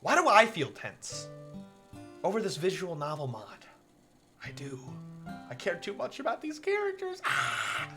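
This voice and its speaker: Young guy streaming a visual novel, super animated, cracks himself up. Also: high-pitched, a little slow, pauses often, faint music behind. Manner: animated, laughing at his own jokes. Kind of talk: live-stream game commentary and reading.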